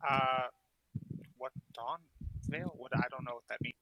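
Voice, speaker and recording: A man's voice: medium pitch, measured pace, bright, forceful tone, poor audio. A man playing in a tabletop game, talking in a hesitant, drawling way. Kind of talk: casual game chat.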